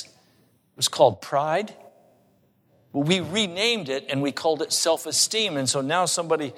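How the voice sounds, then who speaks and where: A man's voice: on the high side, animated, a little slow, fairly bright tone, long reverb tail. A male pastor preaching a sermon and telling stories with humor. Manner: storytelling with humor.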